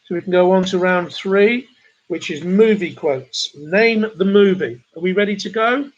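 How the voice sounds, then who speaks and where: A man with a husky, slightly rough voice hosts a charity pub quiz over a livestream. He chats easily and reads viewers' messages aloud between questions. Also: sits high, moderate pace, muffled recording. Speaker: quiz host.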